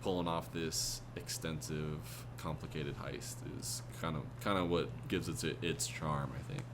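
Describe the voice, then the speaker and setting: A man's voice: very deep voice, steady tone, a little slow, noisy background. A man co-hosting a podcast, giving his views on a film in a rambling, hesitant casual chat with many fillers. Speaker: podcast co-host. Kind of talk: casual movie review chat.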